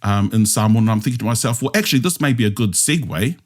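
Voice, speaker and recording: A man's voice: lowish voice, expressive, fast. A man with a New Zealand accent leading a language discussion, explaining patiently step by step and checking in with his listeners. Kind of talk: explanatory teaching chat.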